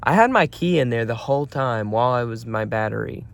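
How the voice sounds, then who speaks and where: A young man vlogging by his car at night, chatty and self-mocking, breaking into loud exclamations. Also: medium pitch, animated, fairly quick, creaky. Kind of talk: casual vlog.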